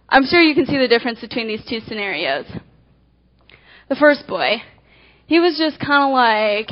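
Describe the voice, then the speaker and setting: A woman giving a devotional talk, telling acted-out illustrations with animated emphasis that speeds up and slows down. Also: sits high. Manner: animated storytelling, swinging between quick and slow emphasis. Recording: dull lo-fi recording.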